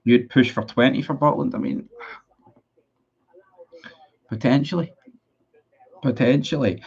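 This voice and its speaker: On a relaxed livestream, this man's low voice comes through dull audio. He's a football fan streamer who reads out what viewers write and fires back with sweary, sarcastic bluntness.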